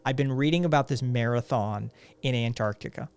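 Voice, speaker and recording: This podcast co-host speaks fairly quickly in a medium-pitched, slightly mellow, clean voice. He's casually spinning a long, rambling livestream anecdote packed with fillers and acted-out quotes while faint music plays behind him.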